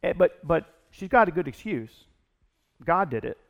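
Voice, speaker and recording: Pastor guy giving a sermon at church, kinda gravelly, a bit higher voice, talks loose and chatty. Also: animated, moderate pace, fairly bright tone. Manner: conversational preaching, many restarts and "if you will". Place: church service.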